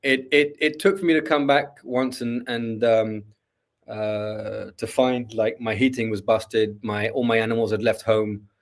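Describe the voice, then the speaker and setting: A man's voice: lowish voice, flat delivery, measured pace. A man chatting as a podcast guest, hesitant, often repeating words and restarting his sentences. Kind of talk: casual interview chat.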